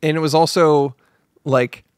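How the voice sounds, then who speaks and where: A man's voice: on the high side, fairly even intonation, a little slow, clean tone, dry recording, studio quality. A man co-hosting a movie podcast in casual chat, sarcastic and profane, telling long stories. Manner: sarcastic, swears, tells stories at length. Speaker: podcast co-host.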